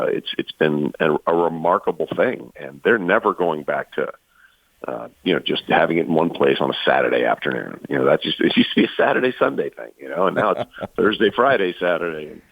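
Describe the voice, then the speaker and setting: Low gravelly guy on a phone-quality line, rambling stories with lots of uhs. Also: dry recording. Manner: storytelling, many fillers and restarts. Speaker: guest sports broadcaster. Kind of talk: casual chat.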